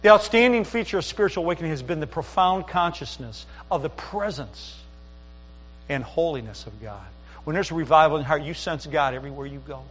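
A man's voice: fairly high pitch, lively intonation, a little fast, fairly bright tone, long reverb tail. A middle-aged man preaching a sermon as pastor, telling folksy stories with asides to the congregation. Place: church sanctuary.

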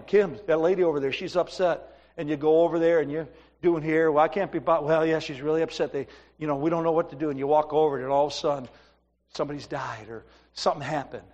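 A man preaching in a church sanctuary, his voice ringing out in a long hall reverb. He has a high pitch and tells stories with animation, acting out the voices of the people in them. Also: highs cut off. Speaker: pastor. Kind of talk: sermon.

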